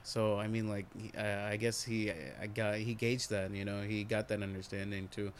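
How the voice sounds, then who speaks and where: A man's voice: on the low side, fairly even intonation, moderate pace, a little hiss or hum. Laid-back young man saying "dude". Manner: laid-back, says "dude" a lot, agreeing and reflective. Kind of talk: casual conversation.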